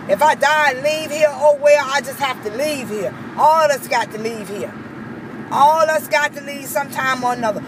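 A woman vents in a heated, repetitive rant, her voice sitting high. Steady traffic noise rumbles clearly behind her outdoor recording. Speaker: vlogger. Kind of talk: angry personal rant.

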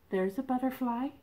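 A woman librarian leading a toddler storytime from home, reading in an animated sing-song voice with exclamations and animal sounds. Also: sits high. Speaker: children's librarian.

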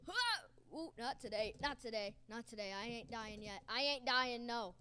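Woman, gaming host, high voice, wildly swooping pitch, bright edge, loud raging commentary. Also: expressive, normal speed. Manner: yelling, raging and cheering at the game. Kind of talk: excited gameplay commentary.

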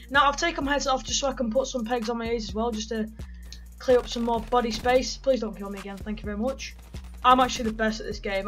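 Loud, bright-voiced teenage boy gamer. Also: extremely high pitch. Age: teens. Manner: excitable, loud, swears a lot, yelps in pain. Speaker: gaming YouTuber. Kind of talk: gaming commentary.

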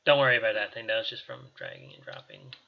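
A man's voice: lowish voice, huge pitch swings, fast, vocal fry, dull audio. A man narrating as game master of a tabletop game, talking casually and rambling, with many fillers.

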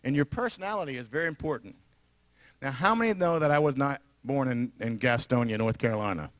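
A man with a New York area accent, preaching a sermon as pastor in an animated, emphatic way with frequent laughter. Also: mid-range voice, quick pace, no room sound. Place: church sanctuary.

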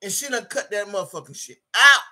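Speaking fairly quickly in a mid-range voice, this livestream host sounds bright and forceful. Her angry rant is full of profanity, combative and repetitive, and she reads viewer chat aloud as she goes.

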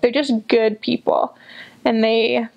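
The audio is dull, and the speaker's voice is high-leaning, level and creaky as she takes her time. She's a young woman who served as a missionary, fondly and earnestly recalling people she loved in a casual reflection, repeating herself a lot.

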